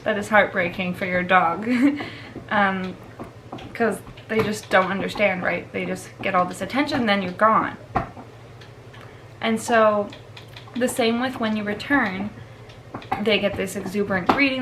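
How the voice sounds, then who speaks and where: Brief: casual woman vlogger, mid pitch, chatty, faint background hiss. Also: a little slow. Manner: chatty, laughs often, filler-heavy. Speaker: dog trainer. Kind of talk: casual instructional vlog.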